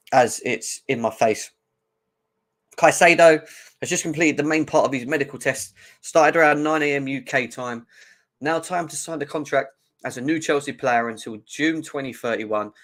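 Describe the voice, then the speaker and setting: A man hosting a casual fan livestream, talking excitedly and greeting chat viewers by name. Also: medium pitch. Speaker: livestream host.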